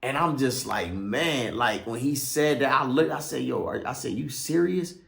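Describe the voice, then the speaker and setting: A man's voice: mid-range voice, normal speed, gravelly, bright, forceful tone, roomy sound. A man, a pastor, telling his life story casually in a loose, slangy way, often checking in with "right?". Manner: loose, slangy, keeps asking "right?" and trailing off with "or whatever like that".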